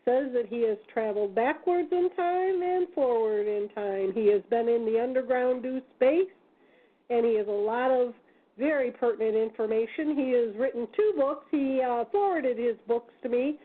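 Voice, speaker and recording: A woman with a high voice hosts a talk radio show, chatty and full of homely asides. She sounds thin and tinny, like she is on a phone line. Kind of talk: casual talk radio hosting.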